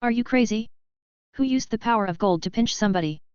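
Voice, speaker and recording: A woman's voice: a little high, fast talker, a little mellow, clean tone, dry recording, close to an everyday voice. A woman reading as a cocky, bossy male cultivator. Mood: brash. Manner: blunt, bossy, wisecracking. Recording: dry, slightly dull lo-fi recording.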